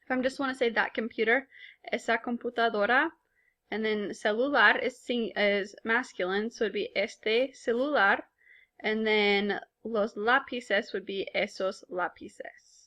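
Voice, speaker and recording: Bright-voiced woman teaching a lesson. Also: a little high, fairly even intonation, unhurried. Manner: patient, explanatory, casual fillers. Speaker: Spanish teacher. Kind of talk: recorded classroom lesson.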